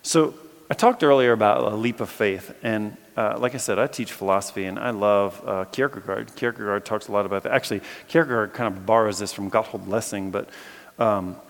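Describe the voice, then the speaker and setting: A man giving a casual, conversational sermon, reading scripture and retelling it as a lively storyteller with playful acted asides. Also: lowish voice, a little fast, creaky. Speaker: preacher and philosophy teacher. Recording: echoey hall with long reverb.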